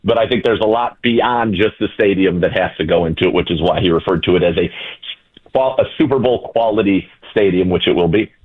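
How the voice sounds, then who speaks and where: A man calling in to a sports radio show as a reporter, explaining his points in a measured way. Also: sits low. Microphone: phone line. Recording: tinny phone line.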